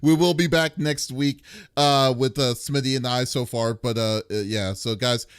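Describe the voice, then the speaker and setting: A man's voice: mid-range voice, fairly even intonation, moderate pace, clear, resonant tone, dry recording. Easygoing man hosting a gaming stream. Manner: easygoing, laughs often. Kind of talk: casual chat.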